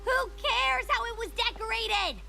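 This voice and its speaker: A woman voicing a brash, tomboyish young female pegasus pony, loud and blunt, in a cartoon. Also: extremely high pitch, a little slow, creaky, exaggerated voice. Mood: exasperated. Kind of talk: cartoon voice acting. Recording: cartoon clip with loud music.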